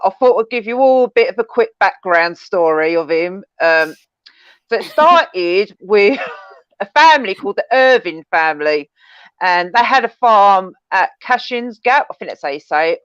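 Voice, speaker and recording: A woman's voice: medium pitch, lively intonation, moderate pace, clear, resonant tone, no room sound, muffled recording. A woman co-hosting a podcast in casual chat, laughing often as she tells the story. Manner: giggly, laughs often while telling the story. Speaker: podcast co-host.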